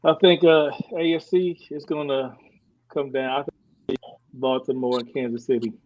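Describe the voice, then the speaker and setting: A man on a sports podcast who gives his predictions in a halting way, full of "I think.". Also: medium pitch, fairly even intonation, a little mellow, dull audio, slight background noise. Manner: halting, many "I think" restarts. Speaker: podcast co-host. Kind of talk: casual sports talk.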